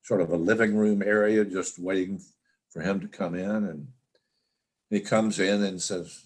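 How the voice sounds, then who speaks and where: Older male guest on a video call; deep, slow, halting storyteller. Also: fairly even intonation. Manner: halting, with frequent restarts and fillers. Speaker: interview guest. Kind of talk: reflective personal storytelling.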